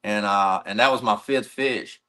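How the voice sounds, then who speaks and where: A man's voice: lowish voice, normal speed, sharp tone. A middle-aged man from North Carolina, a pro angler, telling a long story in a casual, rambling way.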